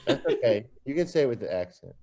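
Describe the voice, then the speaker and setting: A man's voice: mid-range voice, sing-song, fast, gravelly, a crowd in the background. A man co-hosting a podcast in casual, encouraging chat. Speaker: podcast co-host.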